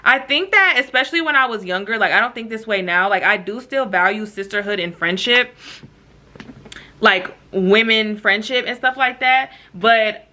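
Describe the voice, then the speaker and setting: A young woman telling a storytime vlog in casual, slangy chat, with quick asides to her viewers. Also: mid-range voice, bright, forceful tone. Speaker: vlogger.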